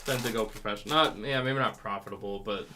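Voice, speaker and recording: A man's voice: fairly low pitch, fast, noisy background. A man hosting a live card break, listing player names and chatting with viewers about sports betting. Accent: North Carolina.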